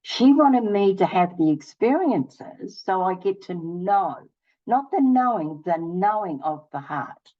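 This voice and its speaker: A woman's voice: medium pitch, slow pace. Older lady chatting away, voice jumping up and down a lot, kinda muffled lo-fi sound. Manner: animated, acts out both sides of conversations. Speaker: channel host. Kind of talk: casual storytelling to camera.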